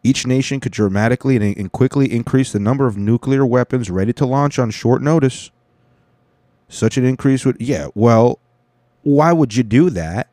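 A man's voice: mid-range voice, lively intonation, normal speed, warm tone, no room sound, studio quality. A man casually reading a news article aloud, interrupting it with sarcastic, profane jokes. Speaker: commentator reacting to a news article.

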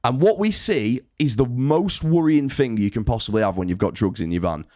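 Brief: young male storyteller, lively up-and-down delivery, swears a lot, dry close sound. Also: mid-range voice, a little fast, no echo. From United Kingdom. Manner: animated, sweary, rambling. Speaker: touring band musician telling a story. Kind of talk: casual podcast storytelling.

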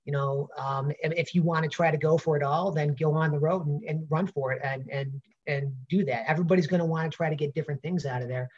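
A man's voice: fairly high pitch, steady tone, fast, hardly any pauses. Man, Brooklyn accent, pro wrestler, rambling, lots of fillers, dull lo-fi sound. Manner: rambling, many fillers and restarts. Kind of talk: casual interview answers.

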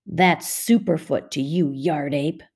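A woman's voice: deep voice, slow, a little mellow, husky, full character voice. A woman reading aloud and voicing a spunky, stubborn eight-year-old girl who talks in a feisty way.

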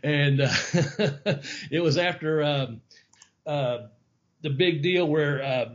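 A man tells a long story in a loose, rambling way, swearing freely and laughing often. His voice sits a little higher than average. The audio is dull and lo-fi. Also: slow. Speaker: podcast host. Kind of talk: casual storytelling.

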